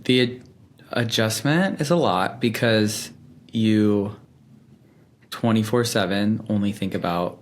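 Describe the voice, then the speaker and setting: A young man telling personal stories in a relaxed, chatty way, full of fillers and quick laughs. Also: on the low side. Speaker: podcast guest. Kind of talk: casual storytelling.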